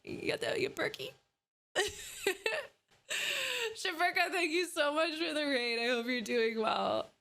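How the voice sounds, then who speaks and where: A woman's voice: high-pitched, fairly even intonation, unhurried, creaky, pauses often, a bit bright. A woman streamer chatting casually on a live stream, bubbly and giggly as she greets her chat by name. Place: at home at her computer.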